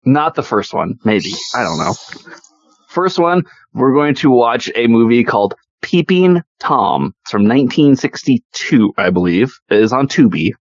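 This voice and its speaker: A man's voice: mid-range voice, very animated, unhurried, dry recording, lo-fi sound. A man co-hosting a casual movie review podcast, sardonic and swearing often as he picks films apart. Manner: sardonic, swears often, acts out quoted lines. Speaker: podcast co-host.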